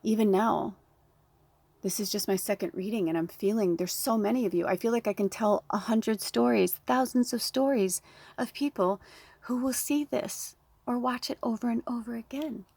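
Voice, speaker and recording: A woman in her thirties talks straight to her listeners as a spiritual medium, earnest and heartfelt, swearing bluntly. Her voice is gravelly and breathy, on the edge of tears. The sound is dry and close, with no room echo. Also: a little high, dark tone. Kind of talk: emotional direct-to-camera talk.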